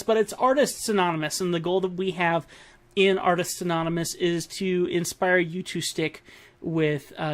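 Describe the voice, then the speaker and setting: Male art-channel host, high voice, casual rambling delivery full of fillers. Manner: friendly, rambling, many fillers and restarts. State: hiccups. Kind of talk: casual tutorial wrap-up.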